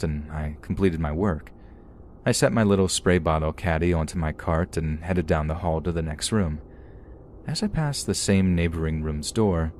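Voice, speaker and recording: A man reading a first-person true horror story aloud as a podcast narrator, in a steady, measured manner. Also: deep voice, a little hiss or hum.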